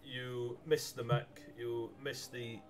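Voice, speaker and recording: A man's voice: mid-range voice, little pitch movement, slow pace, faint music behind. A man narrating a tabletop game as game master, rambling with many ums and uhs over a video call mic.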